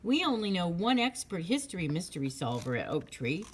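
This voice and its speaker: A woman reading a storybook, voicing a lively, cheerful young girl who speaks brightly and excitedly. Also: fairly low pitch, a little fast, a little hiss or hum.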